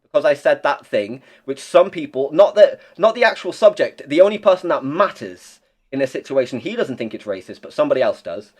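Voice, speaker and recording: A man's voice: a little high, sing-song, a little fast. A young man chatting as a podcast guest, rambling and blunt, swearing freely with lots of restarts. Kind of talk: casual chat.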